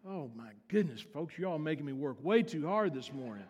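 A male pastor preaching a sermon to his congregation, dropping to a hush and then rising to loud, emphatic calls. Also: a little high, sing-song, fairly quick, few pauses, slightly rough. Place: church sanctuary. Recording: long reverb of a church sanctuary.

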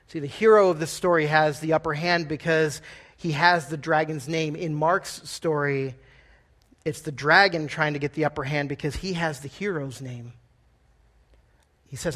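A man's voice: on the high side, normal speed, a bit bright. A man preaching a sermon in a conversational, emphatic style and often checking in with the congregation with "right?". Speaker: pastor.

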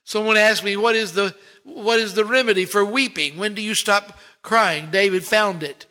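A male pastor preaching a sermon, lingering on words with dramatic pauses and rising swells. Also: high-pitched, bright, forceful tone.

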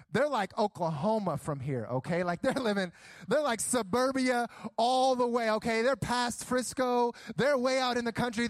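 A young adult man preaching a sermon, telling stories with acted-out dialogue and rising to near shouts. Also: extremely high pitch, no room sound. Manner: animated storytelling, acts out dialogue, rises to near shouts.

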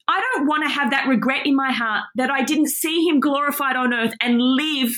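A woman's voice: high voice, moderate pace. Passionate woman teaching the Bible. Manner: excited, emphatic, laughs often.

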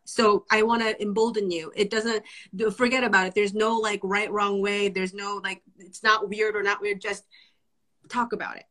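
A woman's voice: medium pitch, steady tone, brisk, a bit bright, low-quality recording. A woman hosting a live-stream conversation who affirms her guest, rephrases her points and encourages her audience.

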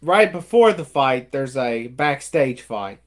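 Speaking slowly at a medium pitch, a podcast co-host casually reviews films. He animates his retellings by acting out movie lines, punctuated with laughs.

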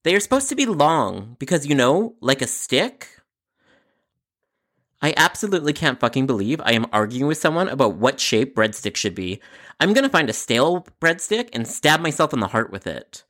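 A man's voice: mid-range voice, very animated, moderate pace, a bit bright. A man hosting a podcast, narrating a customer service story with an exasperated, sarcastic inner monologue. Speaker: podcast host.

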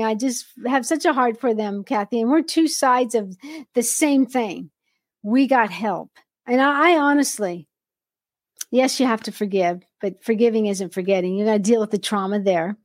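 A woman hosting an interview, talking animatedly and bluntly, with quick jumps in pitch. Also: a little mellow, dry recording, studio quality. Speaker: podcast host. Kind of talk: casual interview chat.

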